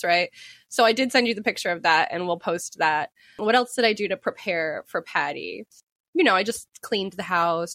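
A woman's voice: mid-range voice, a bit bright, dry recording. A woman co-hosting a podcast, telling a story in casual chat and laughing often. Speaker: podcast co-host.

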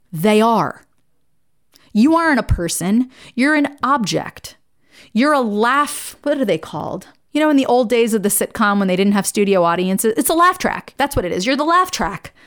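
A woman hosting a solo podcast, talking in a reflective way that swings between playful and hushed. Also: medium pitch. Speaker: podcast host.

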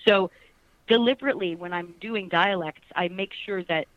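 Animated laughing actress, lo-fi radio interview. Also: female voice, lowish voice, moderate pace. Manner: animated, laughing, rambling with restarts. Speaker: actress, guest. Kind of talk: casual interview chat.

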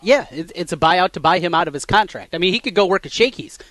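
A man co-hosting a sports radio show, laying out background facts in a measured way and getting lively when he jokes. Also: high voice, dry recording. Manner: measured, recalls facts in detail, gets animated when joking. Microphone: studio mic.

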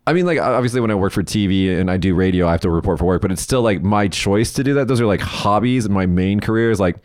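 A man's voice: lowish voice, fast talker, darkish tone, no echo. A man hosting a casual chat, telling stories bluntly with lots of swearing and acted-out quotes. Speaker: podcast host. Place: lives in Japan.

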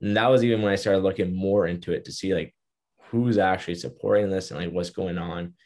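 Low-voiced earnest young man. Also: fairly even intonation, a little fast, darkish tone. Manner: earnest, reflective storytelling. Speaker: guest. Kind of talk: casual interview.

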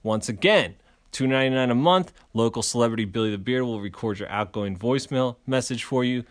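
A man's voice: medium pitch, brisk. A male podcast co-host in casual banter, rambling through absurd mock-promotional riffs.

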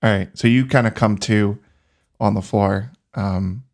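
A man narrating as game master in a casual, halting way with many fillers. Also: fairly low pitch, steady tone, creaky.

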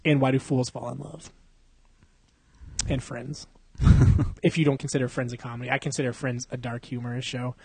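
A man's voice: mid-range voice, flat delivery, normal speed, vocal fry, long pauses, a little mellow, slightly rough, dry recording. A young man hosting a podcast in casual chat, swearing and laughing often as he jokes around. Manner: crude, joking, laughs often, swears a lot. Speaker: podcast host.

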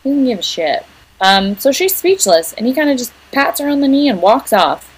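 A woman's voice: fairly high pitch, rough recording. Chatty woman recapping an episode. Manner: recapping plot scenes, conversational. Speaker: podcast co-host. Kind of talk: casual chat.

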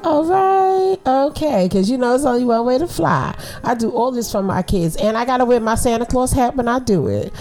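A mother hosting a podcast, talking straight to her listeners in a lively, encouraging way. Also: on the high side, moderate pace, few pauses. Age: adult with children. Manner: animated, talks straight to listeners with lots of "okay?" and "girl". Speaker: podcast host. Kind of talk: casual encouraging monologue.

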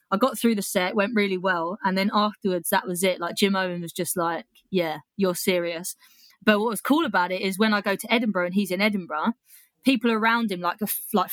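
A woman's voice: mid-range voice, fairly bright tone, dry recording. A young British woman, a comedian and poet, telling a story casually with swearing and laughter, then reading a poem aloud. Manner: chatty, swears freely, laughs between lines.

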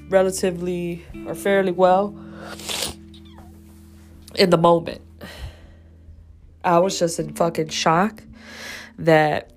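A woman telling a raw personal story with heavy swearing and strong emotion, as a podcast host. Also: lowish voice.

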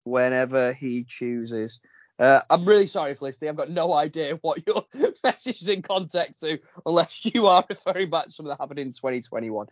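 High, lively man, lo-fi call. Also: a little fast, dry recording. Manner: laughs a lot, rambling and self-mocking. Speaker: podcast host. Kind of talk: casual chat reading listener shout-outs.

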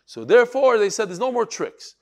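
Male Talmud teacher, high and very animated voice, acts out the quotes in his lesson. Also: fairly quick. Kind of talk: Talmud class lecture.

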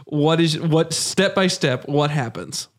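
A man's voice: on the high side, slow. A man hosting a podcast who guides a guest through a playful scenario, asking questions and chuckling. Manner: guiding, quizzing and chuckling. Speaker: podcast host. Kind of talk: casual podcast chat.

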